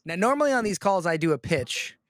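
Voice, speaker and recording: Blunt, high-voiced male business coach. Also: very animated, fairly quick, fairly bright tone, dry recording, clean studio sound. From Florida, US. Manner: blunt, pep-talk delivery with rhetorical questions. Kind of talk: casual coaching call.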